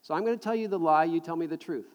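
A middle-aged man preaching a sermon to a live congregation, animated and jokey, repeating words as he builds a point. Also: on the high side, racing. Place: large hall with audience. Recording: long hall reverb.

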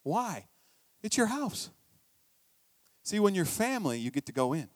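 A middle-aged male pastor preaches in a chatty, storytelling way, dropping into hushed asides and then jumping up into lively bursts of emphasis. His voice sits a bit higher than most men's. The sound is dry and close, with almost no room in it. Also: measured pace, no room sound. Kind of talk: sermon.

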